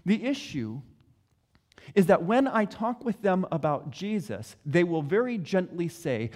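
Earnest high-voiced male preacher, reverberant. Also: sing-song, darkish tone. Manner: earnest, questioning, measured pauses. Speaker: pastor. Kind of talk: sermon.

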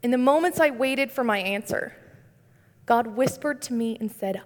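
A woman's voice: fairly high pitch, normal speed, slight background noise. Young woman preaching with playful asides. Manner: earnest with light humorous asides. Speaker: speaker giving a devotional. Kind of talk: conversational sermon. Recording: long reverb.

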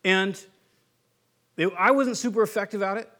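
A man's voice: high voice, moderate pace, bright, forceful tone. A man from California preaching a sermon in a conversational, joking way, now and then acting out the voices of the people in his stories. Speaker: pastor.

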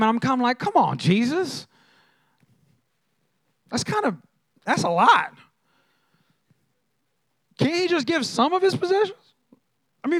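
A pastor preaching in a strikingly high male voice, talking casually and animatedly to his congregation. He repeats his key lines and keeps asking the crowd questions. The recording is dry and close, with no room echo. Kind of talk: sermon.

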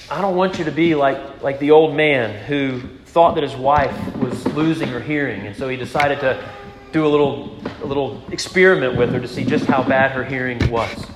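A pastor preaching a sermon to his congregation, earnest, moving between strong emphasis and hushed rhetorical questions. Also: mid-range voice. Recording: echoey hall with background noise.

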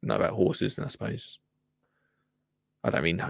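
A man's voice: on the low side, expressive, moderate pace, gravelly, husky, dry recording. A man chatting casually as he reacts to a gardening clip, jokey and rambling with many asides. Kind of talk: casual chat commentary.

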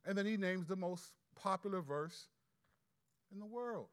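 A male pastor preaching a sermon, reading scripture aloud and posing rhetorical questions, moving between loud emphatic passages and quiet asides. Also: high-pitched, measured pace, clean tone.

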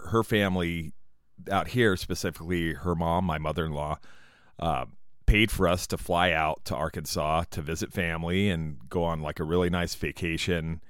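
Deep-voiced rambling podcast guy. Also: a bit bright, clean tone, dry recording, clean studio sound. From Southern California. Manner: rambling, loose, swears casually, restarts. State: jittery from caffeine. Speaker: podcast host. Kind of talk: casual solo podcast talk.

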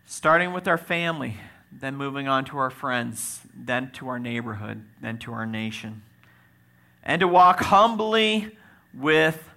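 Animated pastor with a gravelly bright voice. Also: male voice, mid-range voice. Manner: animated preaching with swings from loud to quiet and joking asides. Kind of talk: sermon.

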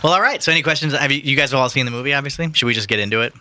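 A man hosting a casual podcast with friends, swearing freely and trailing off with fillers, who slows into a measured read when reading a novel aloud. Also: mid-range voice, bright, forceful tone.

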